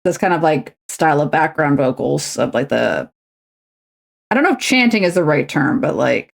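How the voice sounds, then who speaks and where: A woman's voice: low voice, sing-song, moderate pace, vocal fry. A woman, chatting and rambling to herself and her viewers while she crafts on a stream. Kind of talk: casual chat while crafting.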